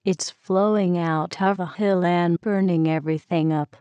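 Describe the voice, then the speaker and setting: A woman's voice: lowish voice, steady tone, measured pace, clear, resonant tone, no room sound, lo-fi sound, close to an everyday voice. A woman voicing a huge dinosaur with a tiny voice. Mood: timid. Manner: soft, timid, whispering.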